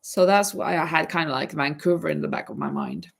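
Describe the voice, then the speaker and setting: A woman's voice: low voice, wildly swooping pitch, fairly quick, creaky, slightly rough. A woman hosting a casual livestream, chatting to viewers while she knits, talking in a rambling, hesitant way and often restarting her words. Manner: chatty, addresses viewers directly. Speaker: livestream host.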